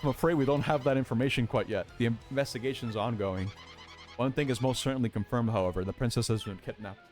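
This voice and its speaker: A man's voice: mid-range voice, fast, darkish tone, faint music behind, close to an everyday voice. A man reading a fawning old witch servant. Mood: grave. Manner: simpering and overly polite.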